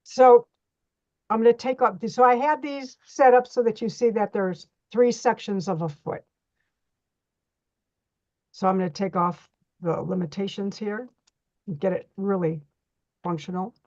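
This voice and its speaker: A woman's voice: mid-range voice, steady tone, unhurried, pauses often, darkish tone, no echo, muffled recording. A middle-aged woman teaching a hands-on reflexology workshop, chatty and folksy as she demonstrates on a model foot.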